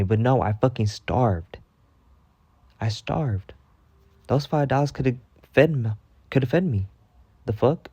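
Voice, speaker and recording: A man with a mid-range, slightly breathy voice speaks a little slowly with frequent pauses, no room sound behind him. As a storytime vlogger, he rants in a heated, animated, profane monologue.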